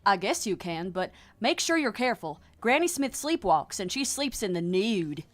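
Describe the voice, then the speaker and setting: Guy doing a high folksy farm pony girl, blunt and plain-spoken. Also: big pitch swings, normal speed, a bit bright.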